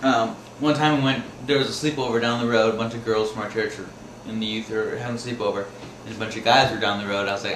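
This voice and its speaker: In an echoey room with faint noise behind him, a man from Wisconsin, USA, rambles through funny and scary stories from his life, laughing and acting out the screams. He's a fast talker with a mid-range voice and fairly even intonation.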